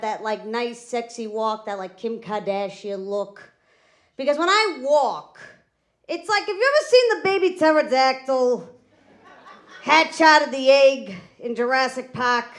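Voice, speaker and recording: Young boston woman doing standup, brash and self-mocking, high voice. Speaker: stand-up comedian. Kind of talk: stand-up set.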